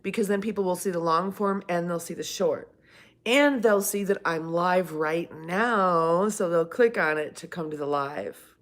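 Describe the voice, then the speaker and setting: In a lowish voice and at a measured pace, a middle-aged woman chats casually on a home livestream. She rambles a bit, picking up viewer comments and responding to each person by name.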